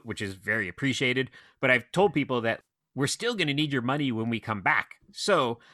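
Brief: man, theater operator, bright forceful tone, dry close sound, run-on storyteller. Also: medium pitch, no room sound. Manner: animated storyteller, quick run-on anecdotes. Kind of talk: casual podcast chat.

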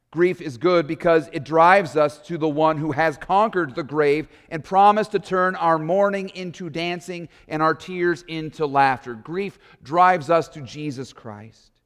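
A man with a high voice delivers a sermon in a reverberant church hall. He preaches earnestly, slowing down for weight and dropping to a hush on key lines before rising again. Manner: earnest preaching with dramatic slow pauses, swings from loud to hushed. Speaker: pastor.

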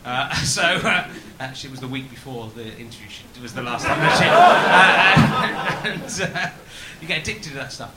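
A man's voice: mid-range voice, sing-song, normal speed. A man hosting a comedy podcast, rambling and giggling with self-mocking jokes. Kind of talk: casual comedic podcast chat. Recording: echoey room with background noise.

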